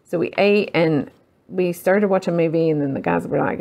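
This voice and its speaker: A woman's voice: low-pitched, expressive, fairly quick, a little mellow. A woman hosting a casual crafting tutorial, rambling and self-deprecating as she works. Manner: rambling, self-deprecating, talks while working.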